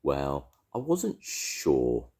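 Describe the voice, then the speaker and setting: A man's voice: rumbling low, wildly swooping pitch, drawn-out words, dark tone, full character voice. An older man voicing a fussy, cautious male rabbit in a storybook, prim and a little stern.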